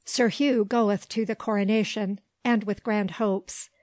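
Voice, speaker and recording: A woman's voice: mid-range voice, steady tone, measured pace, a little mellow, dry recording, lightly acted. A woman reading as a rambling old gossip. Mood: gossipy. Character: old village gossip man, chatty.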